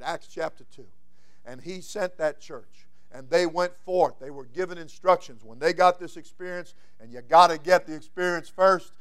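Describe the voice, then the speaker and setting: A man preaching a sermon as senior pastor, folksy and plain-spoken, swinging from quiet asides to loud emphatic lines. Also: on the high side.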